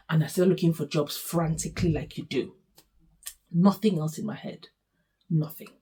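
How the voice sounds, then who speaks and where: A woman's voice: low voice, husky. A woman in her forties from Nigeria with a Nigerian accent, telling her own life story to camera in a candid, emotional, straight-talking way. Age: 40s. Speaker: vlogger.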